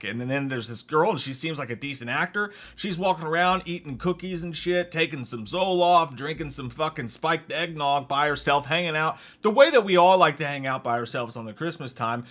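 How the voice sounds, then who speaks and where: A man's voice: a little high, normal speed. A young man hosting a comedic movie review, ranting with heavy swearing and mocking impressions of the characters. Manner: profane, animated, mocking impressions.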